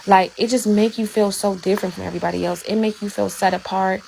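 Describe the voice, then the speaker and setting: A woman's voice: mid-range voice, level tone, fast talker, creaky, a little mellow, slight background noise. A woman fervently sharing a religious testimony, preaching and repeating phrases for emphasis. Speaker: guest.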